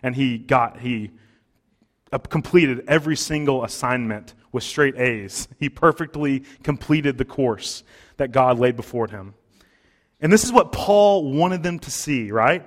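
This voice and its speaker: A pastor delivering a Sunday sermon in a relaxed, conversational way. He talks at a middle pitch and stops to restart phrases and say "uh" as he thinks. The speech is plain and unscripted. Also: a little slow. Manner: conversational preaching with fillers and restarts.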